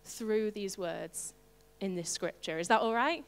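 Lively woman preaching in a hall. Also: medium pitch, measured pace, smooth. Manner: animated, playful asides to the congregation. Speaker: pastor. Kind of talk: sermon.

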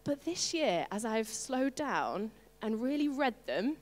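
A woman preaching a sermon to her congregation, animated and playful, with asides to the listeners. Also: a little high, takes it slowly, in a large hall. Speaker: pastor.

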